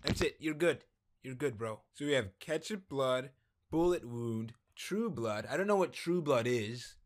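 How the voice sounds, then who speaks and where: A man's voice: medium pitch, a little slow. A man commenting on a game as he plays, joking around and reading the on-screen text aloud. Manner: joking, animated, reads dialogue in voices. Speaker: gameplay commentator.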